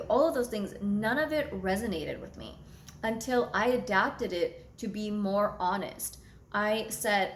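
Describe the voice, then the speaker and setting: A young adult woman who is an astrologer and channel host tells her viewers a personal story, candid and blunt, swearing freely. She speaks slowly in a mid-range voice, with a roomy sound and a little hiss or hum.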